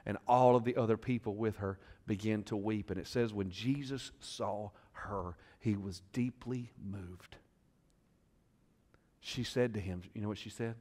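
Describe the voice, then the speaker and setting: A male pastor preaching a sermon, retelling a scripture story dramatically and questioning the congregation, moving between loud bursts and hushed moments. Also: fairly low pitch, fairly even intonation, unhurried. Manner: conversational, asks the crowd questions.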